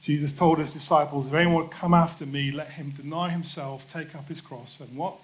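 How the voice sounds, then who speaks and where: A man preaching a church sermon in a conversational, self-deprecating way, slowing down to stress key points. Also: fairly high pitch, steady tone, rough recording. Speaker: pastor.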